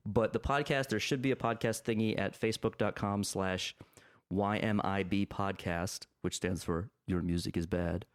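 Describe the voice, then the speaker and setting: A man's voice: lowish voice, steady tone, moderate pace. A man hosting a podcast in casual chat, joking and rambling with many fillers and restarts. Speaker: podcast host.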